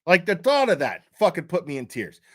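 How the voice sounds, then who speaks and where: Tearful man, halting speech. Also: high-pitched, wildly swooping pitch, dry recording, studio quality. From Tennessee. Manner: halting, repeats words, swears often. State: tearful, choked up. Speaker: true crime livestreamer. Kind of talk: emotional livestream talk.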